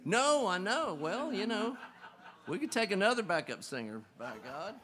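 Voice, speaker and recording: A man's voice: high voice, sing-song, normal speed. A man, rambling folksy banter between songs at a live music bar, into a stage microphone. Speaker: bandleader and singer. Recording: live band playing behind. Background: guitar music.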